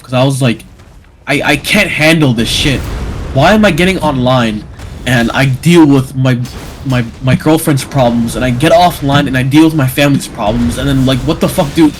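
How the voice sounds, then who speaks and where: A man's voice: medium pitch, slight background noise. A young man telling an emotional story in casual chat, rambling with many restarts and stammers.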